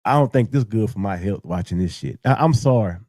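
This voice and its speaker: A man's voice: on the low side, expressive, brisk, darkish tone, no room sound, clean studio sound. A man hosting a reaction video, mocking the clip he watches and calling out its lies. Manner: mocking, scatting along; disbelieving, calls out lies. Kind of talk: reaction commentary.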